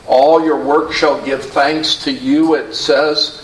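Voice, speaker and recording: A man preaching a sermon in a measured, earnest way, asking the congregation questions. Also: fairly high pitch, level tone. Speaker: pastor. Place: church sanctuary. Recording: roomy echo, distant mic, faint hum.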